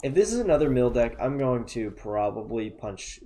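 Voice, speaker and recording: A man's voice: mid-range voice, big pitch swings, moderate pace, warm tone. A man casually commenting on his own card game as he plays, thinking aloud and joking at himself, tired and yawning at times. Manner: chatty, self-mocking, thinks aloud. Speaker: gameplay commentator.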